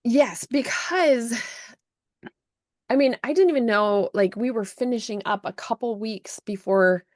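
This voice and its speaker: A woman hosting a podcast, telling an emotional story in an animated way, with frequent restarts. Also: fairly high pitch, unhurried, no room sound, clean studio sound. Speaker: podcast host and self-published author. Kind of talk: casual storytelling chat.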